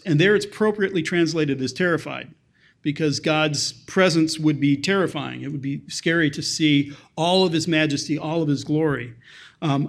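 A middle-aged man preaching a sermon in a conversational, explanatory way, softly acting out quoted lines. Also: fairly high pitch. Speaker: pastor.

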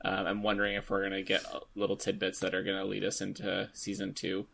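A man's voice: deep voice, completely flat delivery, quick pace, creaky, fairly bright tone. A man co-hosting a casual podcast chat, laid-back and hesitant, with lots of ums. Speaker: podcast co-host.

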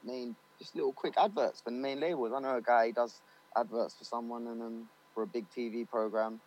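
Brief: male studio engineer, mid-pitched, loose chatty interview talk, slang and fillers. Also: fairly even intonation, fairly quick, a little mellow, low-quality recording. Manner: loose and chatty, slangy, many fillers like "you know what I mean". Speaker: studio owner and recording engineer. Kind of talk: casual interview chat.

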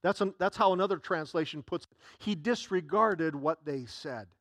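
A man's voice: a little high, moderate pace, a bit bright, no room sound, studio quality. A man preaching a sermon as pastor, earnest and given to repeating himself as he builds a point.

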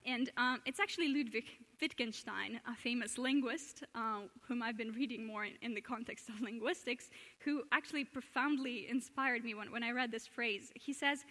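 A woman's voice: on the high side, moderate pace, few pauses, sharp tone. A woman giving an earnest public lecture at a church, asking questions and often restarting her sentences. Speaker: speaker giving a talk at a church. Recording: long hall reverb.

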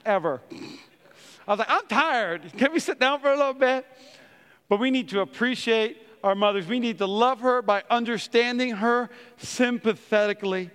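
A man's voice: very high voice, clear, resonant tone, in a large hall. A middle-aged man, a pastor, preaching a sermon in a church, telling funny family stories and acting out the quotes in them. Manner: animated storyteller, acts out quotes.

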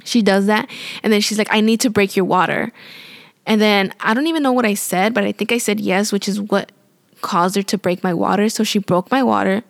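A woman's voice: mid-range voice, brisk, vocal fry, no room sound. A young woman tells a personal story in a loose, chatty way, leaning on "like" and "you know." Her voice sits in an ordinary middle range. The sound is dry and close, with no room around it. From Spanish-speaking family. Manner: chatty and rambling, heavy use of "like" and "you know"; apologetic and self-aware. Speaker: new mother telling her birth story. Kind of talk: casual storytelling to camera.

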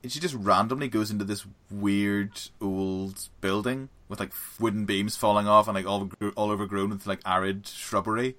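A young man chatting casually on a podcast. His voice sits fairly low, and he rambles with animated energy, often breaking into laughter. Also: normal speed, hardly any pauses. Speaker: podcast co-host. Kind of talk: casual chat about horror films.

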